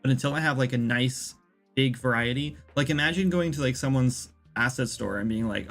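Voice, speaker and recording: A man with a gravelly, fry-laden voice at a middle pitch talks his way through ideas on a casual livestream. He rambles and circles back, packing his sentences with fillers. Soft music plays faintly underneath him. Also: brisk. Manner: rambling, filler-heavy, thinks aloud. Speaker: indie game developer streaming.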